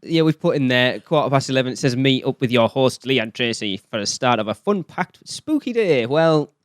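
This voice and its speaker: Chatty northern English podcast host. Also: male voice, medium pitch, animated, moderate pace, no echo, studio quality. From northern England. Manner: chatty, jokey, self-deprecating. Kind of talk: casual chat.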